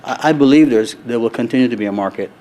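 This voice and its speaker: A middle-aged man answering interview questions at a convention in an earnest, measured way, with many fillers and restarts. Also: medium pitch, mellow, slight background noise. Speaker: resort executive, interview guest. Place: convention floor.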